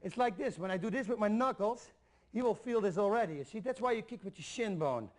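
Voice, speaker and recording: A man with a high speaking voice walks students through kicking drills. He coaches in a direct, repetitive way and counts each step as he demonstrates. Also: lively intonation, a little fast, darkish tone. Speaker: MMA instructor. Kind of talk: instructional video demonstration.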